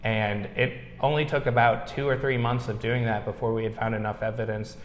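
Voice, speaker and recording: A man, a museum owner being interviewed, telling his stories in a relaxed way and often saying "you know". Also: medium pitch, a little fast, slight background noise. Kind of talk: casual interview chat. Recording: echoey room with long reverb.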